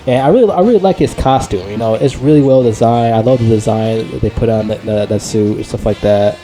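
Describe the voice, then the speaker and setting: A man giving a casual, unscripted movie review, rambling and excitable, swearing freely and leaning on filler words. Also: medium pitch, a little fast, faint music behind.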